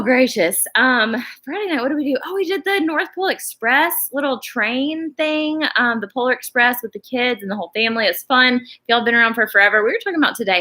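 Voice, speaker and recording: A woman's voice: medium pitch, pushed and bright. A woman, chatting casually and rambling on a live stream, reading viewer comments aloud and calling them y'all.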